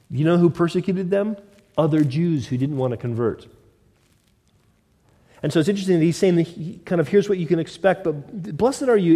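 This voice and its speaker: A man's voice: fairly high pitch, mellow, in a large hall. A male pastor preaching a conversational sermon, slipping into mock voices of his listeners.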